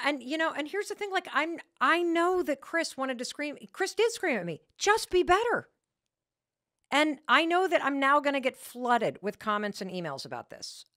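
A woman in her fifties hosting a podcast, telling a personal story in an emphatic, self-deprecating way with quick bursts of speech. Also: mid-range voice, a bit bright, dry recording, studio quality. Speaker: podcast host.

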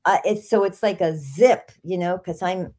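A woman's voice: fairly low pitch, normal speed, darkish tone. Woman, 80s, from the Bronx, upbeat, laughs a lot, interview guest. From the Bronx, New York. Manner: upbeat, laughs often, enthusiastic. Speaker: guest, author. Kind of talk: casual interview chat.

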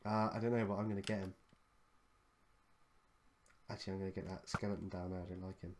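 A man's voice: deep voice, little pitch movement, quick pace, a little mellow, a little hiss or hum. A man teasing his co-player in a casual, sweary gaming chat. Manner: sweary, playful, teasing banter. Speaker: gamer co-host.

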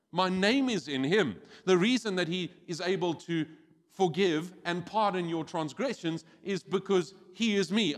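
A man preaching a sermon as pastor, animated and acting out quoted voices. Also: fairly high pitch. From South Africa. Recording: church hall with long reverb.

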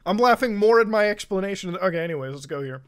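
A man streaming live who rants in a high, sarcastic voice. He swears constantly, pushes every point hard, and keeps tacking "okay?" and "all right?" onto his sentences. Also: animated, fast, clean tone. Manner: profane, emphatic, sarcastic. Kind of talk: casual live-stream rant.

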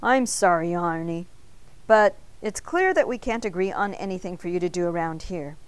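A woman voicing a kind, gentle grown man in a storybook read-aloud, speaking softly and plainly. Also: lowish voice, lively intonation, moderate pace, clean tone, no echo, natural voice. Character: kind gentle adult man, a doughnut's owner.

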